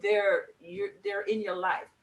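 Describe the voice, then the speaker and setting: Animated woman in an echoey room. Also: mid-range voice, slow, gravelly. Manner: animated, emphatic, spiritual musing. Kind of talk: casual chat.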